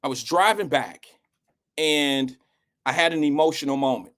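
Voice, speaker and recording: A man's voice: a little high, normal speed, a bit bright. A middle-aged man hosting a live show, telling a rambling, slangy and emotional story in casual talk.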